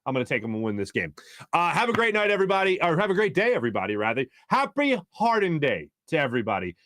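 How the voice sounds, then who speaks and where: Energetic sports radio host, dry studio sound. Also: male voice, fairly high pitch, fast, no echo. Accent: Philadelphia. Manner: rambling storyteller, energetic, many restarts. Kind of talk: casual sports talk show monologue. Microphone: studio microphone.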